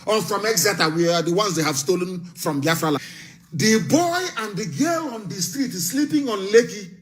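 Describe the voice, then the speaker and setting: A man giving an impassioned live broadcast speech, firing off rhetorical questions and bursting into shouts. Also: sits high, lively intonation, moderate pace. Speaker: political broadcaster.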